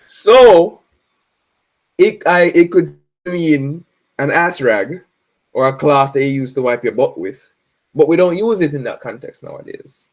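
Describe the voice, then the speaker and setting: A man's voice: a little high, normal speed. Jamaican man explaining with easy laughs. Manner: laughs often, frequent "right?" tag questions. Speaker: guest. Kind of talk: casual interview chat.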